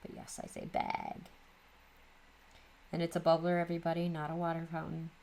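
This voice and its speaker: A woman's voice: low voice, completely flat delivery, very fast, vocal fry, a little mellow, slight background noise. A woman in her thirties with a Midwestern American accent, hosting a casual crafting vlog and rambling chattily with lots of ums. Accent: Upper Midwest American. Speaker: craft channel host.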